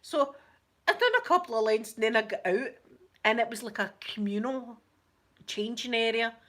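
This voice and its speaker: A woman with a Scottish accent telling a story in a casual, chatty way, animated one moment and softly spoken the next. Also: a little high, moderate pace. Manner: chatty, animated, with frequent laughter and soft asides. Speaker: ASMR channel host.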